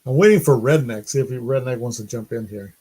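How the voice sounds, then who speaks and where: A man's voice: medium pitch, quick pace, warm tone, slightly rough. A middle-aged man hosting a casual live stream, chatting and laughing often.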